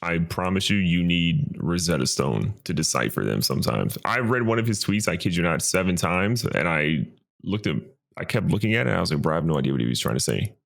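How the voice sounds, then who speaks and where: Man, podcast co-host, very deep voice, gravelly, sarcastic quips. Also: big pitch swings, fairly quick. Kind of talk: casual sports chat.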